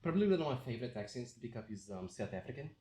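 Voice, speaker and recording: Playful man with a lively voice. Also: mid-range voice, racing. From New Zealand. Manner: playful, jokey, slips into put-on accents. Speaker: tattoo artist, podcast host. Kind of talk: casual chat while tattooing. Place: tattoo studio. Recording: echoey studio room.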